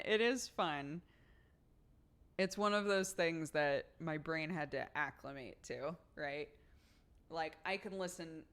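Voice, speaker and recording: A chatty American woman streaming and talking casually with her viewers. Her voice sits low for a woman, and she laughs often and fills her talk with "like.". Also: fairly bright tone. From United States.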